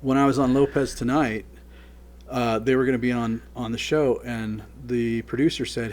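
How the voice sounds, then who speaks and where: A middle-aged man, a production guest, telling behind-the-scenes stories in a casual, animated way and laughing as he goes. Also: mid-range voice, moderate pace. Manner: animated, laughs through his stories and acts out quoted lines. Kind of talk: casual anecdotal storytelling.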